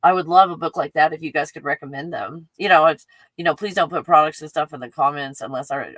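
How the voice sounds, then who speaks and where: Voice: medium pitch, fairly quick, a bit bright, dry recording, rough recording. A livestream host at home, chatting in a scattered, casual way, laughing often and talking to a puppy between thoughts. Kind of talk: casual rambling livestream chat.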